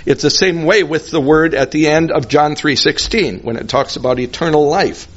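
A man giving expository Bible teaching, explaining slowly and deliberately and singing out tonal words in another language. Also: fairly high pitch. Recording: dull lo-fi recording.

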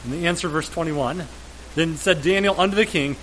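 A man's voice: on the high side, fairly quick, a bit bright, a little hiss or hum, rough recording. A man preaching a sermon, retelling a scripture story in a storytelling way and repeating words as he goes.

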